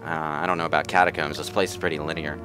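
A man hosting a let's play, making quick wry asides and dry jokes as he plays. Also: a bass voice, little pitch movement, music in the background. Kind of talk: casual gameplay commentary.

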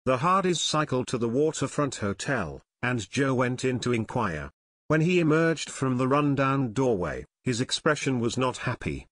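A man narrates a full audiobook in a steady, scripted storytelling voice. His pitch sits in the middle range. The recording is dry and close, with no room sound. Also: moderate pace, no echo.

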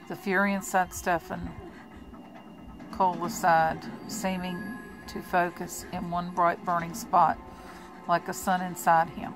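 A woman reading a novel aloud in a plain, steady amateur style with small restarts. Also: lowish voice, takes it slowly, soft background music, rough recording. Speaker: audiobook reader.

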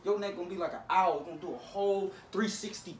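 A man's voice: high-pitched, fast, far from the mic, a little hiss or hum. A man scolding his younger brother in casual talk, lecturing and swinging between stern and joking. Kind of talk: casual prank video talk. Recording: roomy, from off-mic.

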